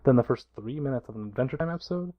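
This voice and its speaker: A man's voice: mid-range voice, animated, rapid-fire, no room sound, lo-fi sound. A young man co-hosting a casual podcast, a blunt and argumentative critic. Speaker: podcast co-host.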